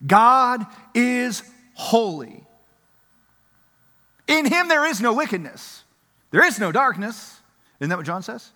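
A man preaching a sermon in an animated, emphatic way, swinging between loud passages and hushed ones. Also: very high-pitched, slow, long pauses. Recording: reverberant hall.

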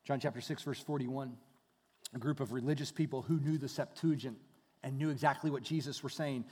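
A man preaching a sermon, shifting between hushed, quiet passages and loud, animated storytelling. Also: medium pitch, fairly quick. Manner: dynamic preaching, dropping to hushed tones then rising loud. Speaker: pastor. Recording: long hall reverb.

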